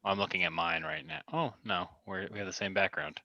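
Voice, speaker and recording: A man's voice: on the low side, very animated, fairly quick, creaky, bright, forceful tone, no room sound, highs cut off. A man playing in a tabletop role-playing game, chatting and thinking aloud while checking his sheet. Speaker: player. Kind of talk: casual chat at a game table.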